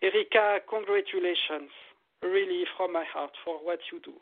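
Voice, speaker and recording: High-voiced man over a phone-like line. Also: moderate pace. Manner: animated, repetitive, laughs often. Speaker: meditation teacher, guest. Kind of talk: casual interview.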